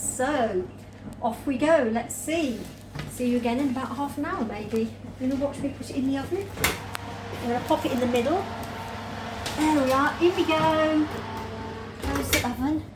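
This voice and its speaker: A woman's voice: high voice, normal speed. A woman chatting to children as she bakes bread in a home kitchen, showing each step. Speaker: church children's presenter. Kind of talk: casual baking demonstration. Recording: roomy kitchen, distant mic, background noise.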